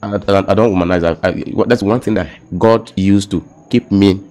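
A young man with a Nigerian accent shares his personal testimony in a relaxed conversational setting. His voice sits very low and deep. He speaks haltingly, repeats his words, and his voice often drops to a soft, emotional hush. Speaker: guest telling his testimony.

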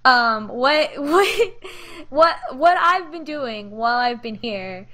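A woman's voice: sits high, expressive, slow, sharp tone, heavily acted. A woman voicing an irritable, scheming young male vampire in a terse, condescending manner during a tabletop game. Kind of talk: tabletop role-play.

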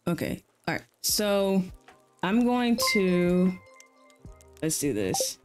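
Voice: medium pitch, sing-song, takes it slowly, soft background music. A streamer in casual live-stream chat while playing a game, laid-back and chatty, often repeating slang phrases.

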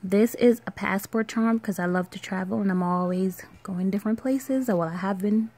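A woman in her thirties with a Caribbean island accent, rambling casually through a show-and-tell vlog with fillers and soft laughs. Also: mid-range voice, moderate pace. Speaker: vlogger.

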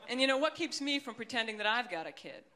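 Bright-voiced woman doing dry stand-up. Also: a little high, lively intonation, quick pace, some chatter behind. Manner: dry, self-deprecating, rambling asides. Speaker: stand-up comedian. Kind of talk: stand-up comedy set. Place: comedy stage before a live audience.

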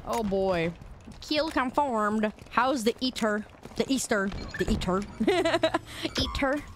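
A woman's voice: fairly high pitch, expressive, slow pace, noisy background. A woman streaming a game, chatting playfully with her chat and laughing and protesting as she plays. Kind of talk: casual live-stream chatter.

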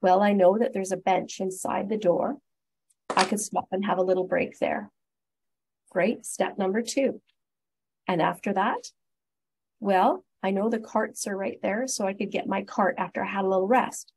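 A Canadian woman gives a webinar on breathing and stress, sounding upbeat and encouraging as she goes through each step. Her voice is a little breathy, and it comes through a computer mic on a video call. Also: mid-range voice, steady tone, normal speed, a little mellow, low-quality recording. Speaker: guest speaker, respiratory therapist. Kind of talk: webinar presentation.

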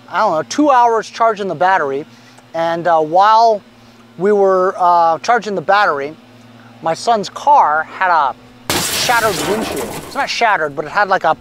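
A man's voice: sits high, fairly bright tone, a little hiss or hum. A middle-aged man reselling lawn mowers, chatting casually and rambling with lots of fillers. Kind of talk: casual chat.

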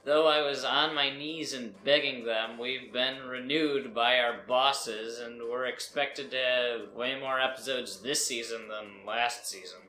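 Brief: deadpan male co-host, bright voice, room echo. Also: medium pitch, a little slow, few pauses, soft background music. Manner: dry straight man. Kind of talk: comedy sketch banter.

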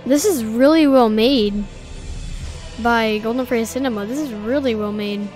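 A young woman commentating a horror game as she plays, excitable and easily scared, shrieking at frights and dropping to whispers. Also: fairly high pitch, moderate pace, soft background music. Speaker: gaming video creator. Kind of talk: let's play commentary.

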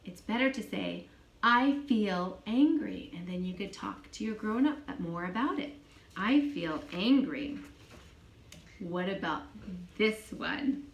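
Slow, patient woman teaching children. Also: mid-range voice, lively intonation. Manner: slow, patient, repeats each phrase for a child to copy. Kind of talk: children's English lesson. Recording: echoey room.

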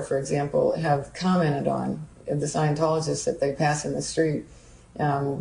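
A woman with a low, dark voice walking through training drills. She explains in a calm, plain way, pausing with small fillers as she goes. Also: vocal fry, rough recording. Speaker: student and narrator.

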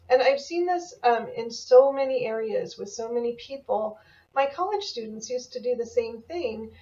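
Animated middle-aged woman, high and mellow. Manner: enthusiastic, animated storytelling. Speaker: animal communicator teaching a class. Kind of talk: mentoring talk to camera. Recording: dull, lo-fi audio from a distance.

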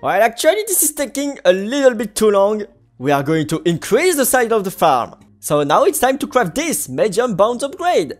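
A gamer narrating a let's-play, voice swooping up and down with lively energy. Talk is playful and exclamatory, peppered with silly sound effects. Mid-pitched, with faint music underneath. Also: normal speed. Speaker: gaming channel host. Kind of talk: Minecraft let's-play commentary.

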